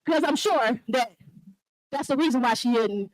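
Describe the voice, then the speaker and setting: A high-pitched woman speaks at a meeting, fiery and accusatory, holding the microphone close. She sounds ill and anxious, and her voice is dry, with little room around it. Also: normal speed, no room sound, low-quality recording. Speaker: resident speaking at a public meeting. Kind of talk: impassioned public comment. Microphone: meeting hall microphone held close.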